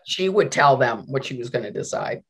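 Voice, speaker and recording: A middle-aged woman, a law professor, telling stories in a conversational interview, animated and full of restarts. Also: extremely low pitch, moderate pace, slightly rough. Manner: animated, many restarts and repeated words.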